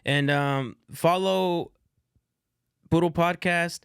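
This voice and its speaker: A man hosting a casual podcast, an animated storyteller who swears often and keeps saying "dude.". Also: a little high, takes it slowly, creaky, smooth, dry recording, studio quality. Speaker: podcast host.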